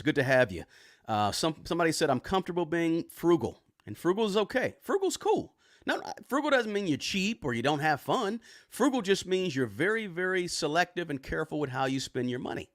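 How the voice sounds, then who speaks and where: Relaxed man chatting on a live stream. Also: a little high, no echo, clean studio sound. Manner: relaxed, conversational, shouts out viewers and repeats himself. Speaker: personal finance livestream host. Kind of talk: casual live-stream chat reading comments. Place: home room with record player and bookshelves.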